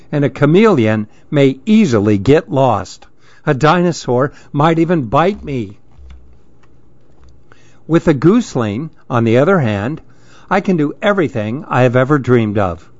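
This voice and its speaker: A man reading children's stories aloud in an expressive, sing-song storybook manner. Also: mid-range voice, a little slow, no room sound. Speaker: narrator. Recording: dull dry close recording.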